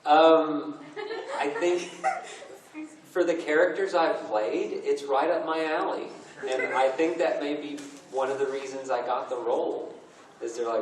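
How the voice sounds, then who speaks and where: A man in his thirties, a voice actor at a convention panel, fields fan questions with self-deprecating jokes. His voice runs on the high side, with fairly even intonation and a measured pace. The recording is noisy and echoey, captured from far off in a large convention hall.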